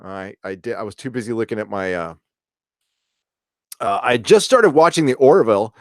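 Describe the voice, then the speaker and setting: A man's voice: fairly low pitch, expressive, moderate pace, no echo. Middle-aged man, casual livestream host, rambling with lots of uhs, dry close mic. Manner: rambling, many fillers and restarts. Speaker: livestream host reading chat. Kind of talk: casual live chat.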